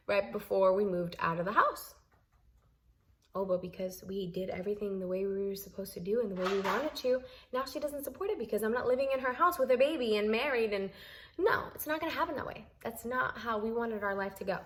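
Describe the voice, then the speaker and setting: A woman's voice: mid-range voice, fairly quick, a bit bright. A young adult woman telling a personal story in a vlog, emphatic and exasperated, repeating points for emphasis. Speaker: vlogger.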